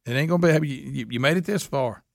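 A man's voice: fairly high pitch, quick pace, vocal fry, no echo, studio quality. A man, ranting bluntly and folksily as co-host of a casual talk show. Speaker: radio co-host. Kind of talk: opinionated casual chat.

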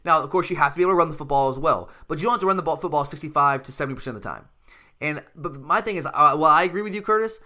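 Fast, animated male sports host. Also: a little high. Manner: animated, emphatic, restarts a lot. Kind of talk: casual sports talk.

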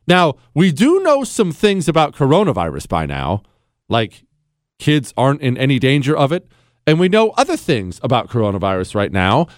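Radio host guy ranting sarcastic, pitch all over the place, dry studio sound. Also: no room sound. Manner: sarcastic, animated ranting with mocking asides. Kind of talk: opinionated radio monologue.

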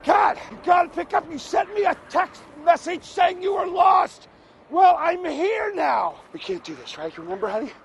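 A man's voice: very high-pitched, very animated, normal speed, vocal fry, shouting, crowd noise, exaggerated voice. An actor playing an unhinged rich father who frantically calls for his daughter, swinging between pleading and screaming. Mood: frantic.

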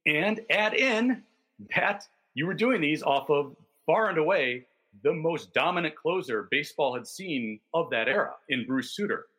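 Man, podcast co-host, bright voice, husky tone, detailed and enthusiastic. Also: on the high side. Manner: detailed, enthusiastic storytelling with stats. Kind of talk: casual sports chat.

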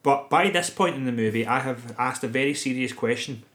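A man's voice: medium pitch, a little fast, fairly bright tone. A man, co-hosting a podcast and recapping a film from his notes in casual chat, laughing often. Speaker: podcast co-host.

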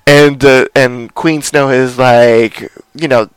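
A man casually recapping a TV episode as a podcast host, rambling with many fillers. His voice is smooth and clear, recorded dry and close. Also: mid-range voice, fairly even intonation, takes it slowly, no room sound.

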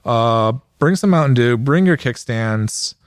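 Animated, laughing male podcast co-host. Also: medium pitch, unhurried, clear, resonant tone, no echo, clean studio sound. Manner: jokey, laughs often, animated. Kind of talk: casual banter.

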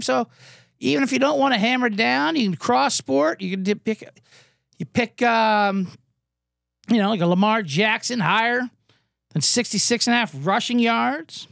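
A hoarse man hosting a comedic sports betting podcast, ranting in a sarcastic, profane way. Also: very high voice, normal speed, a bit bright, no room sound, clean studio sound. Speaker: host.

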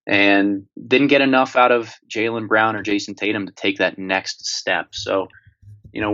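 Deep-voiced man analyzing basketball. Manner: measured, analytical, steady. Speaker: podcast co-host. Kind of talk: casual sports podcast chat. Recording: slightly dull lo-fi audio.

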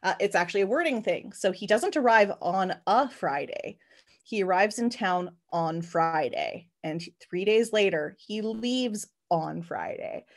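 A woman co-hosting a podcast, chatting casually about a film and retelling scenes in an animated way. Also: medium pitch, unhurried. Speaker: podcast co-host. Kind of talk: casual movie discussion.

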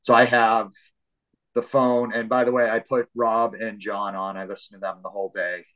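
A man hosting a casual sports podcast, telling an animated story full of swearing. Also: on the low side, moderate pace, lo-fi sound. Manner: animated storytelling, acts out shouts and voices of family; swears freely. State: hard of hearing. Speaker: podcast host.

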